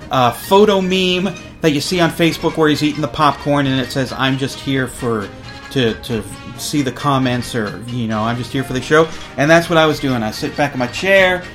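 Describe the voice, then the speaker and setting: A man's voice: on the high side, a bit bright. A man hosting a college radio show, telling a story casually and acting out other people's lines.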